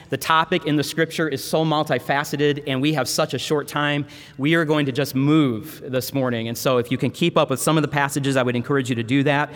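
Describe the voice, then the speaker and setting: A seminary professor preaches to a congregation, retelling a Bible story with dramatic, storytelling flair. His voice sits rather high for a man. The sound carries a long, ringing reverb from the church. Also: a bit bright. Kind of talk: sermon.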